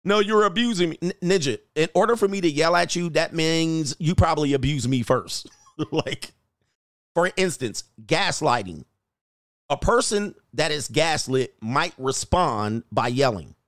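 A man with a fairly high voice delivers blunt, profane reaction commentary as a dating coach. He fires off mocking rhetorical questions and laughs at his own points. The sound is dry and close. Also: expressive, a little slow, fairly bright tone, no room sound.

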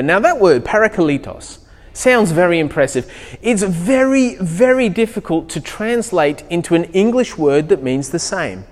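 A middle-aged Australian man preaching a sermon, telling stories with animated acted-out dialogue. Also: sits high. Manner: animated storytelling, acts out dialogue. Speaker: pastor. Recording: long hall reverb.

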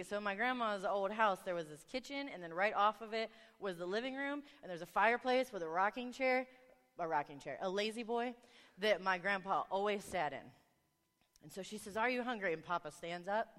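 A woman preaching a sermon, telling a family story with animated voices for the people in it. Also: medium pitch. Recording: long reverb of a large hall.

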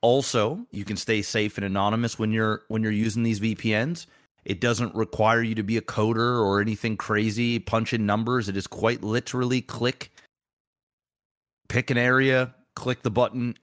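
A man's voice: lowish voice, little pitch movement, normal speed. A man hosting a podcast, reading an ad and chatting in a loose, crude, rambling way. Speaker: podcast host. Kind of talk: casual chat and sponsor read.

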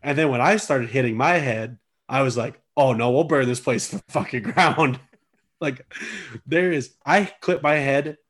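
A man's voice: mid-range voice, normal speed, slightly rough. Joking, swearing man in casual chat. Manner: joking, swears often, laughs a lot. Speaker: podcast co-host.

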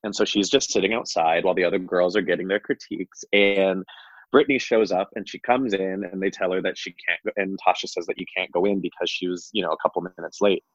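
Man, low voice, rambling casual chat, dry slightly dull recording. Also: steady tone, fast, dry recording. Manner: rambling, heavy on fillers, laughs often.

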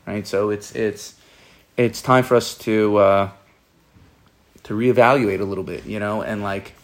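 A man's voice: lowish voice, fairly even intonation, unhurried. Rambling man teaching Torah. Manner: rambling, repeats words and restarts often. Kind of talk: informal Torah class.

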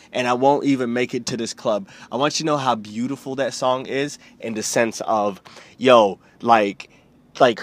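A man's voice: mid-range voice, no echo. A man in his twenties from the United States, delivering a rambling, profane comedic rant.

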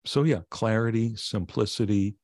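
A man, a meditation teacher, explaining ideas in plain language with gentle humor during a conversational podcast interview. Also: fairly low pitch, moderate pace, dry recording, studio quality. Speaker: meditation teacher and author, guest.

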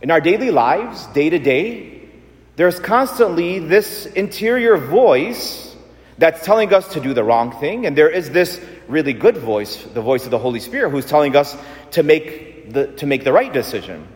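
A man preaching a sermon in a conversational, animated way, asking his listeners questions. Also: on the high side, moderate pace. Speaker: priest. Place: church. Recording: long church reverb.

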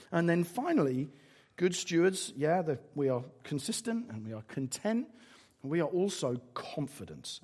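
A man's voice: fairly high pitch, slightly rough. A man with an English accent preaching a sermon, telling stories and acting out little asides. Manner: animated storytelling with acted-out asides.

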